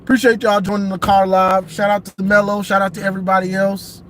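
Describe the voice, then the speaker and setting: Very high-voiced man ranting in his car. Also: little pitch movement, brisk, fairly bright tone, slight background noise. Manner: emphatic, repeats himself, drawling. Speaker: sports commentator vlogger. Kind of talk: casual car livestream rant. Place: inside a car.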